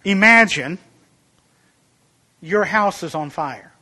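A man preaches a sermon earnestly and emphatically, his voice rising in pitch and volume for illustrations. He sounds animated and sharp-toned, speaking at a slow pace.

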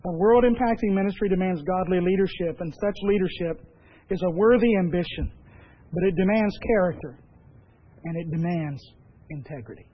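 A man preaching as pastor, emphatic and measured, with repeated phrases. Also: high-pitched, lo-fi sound. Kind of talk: sermon.

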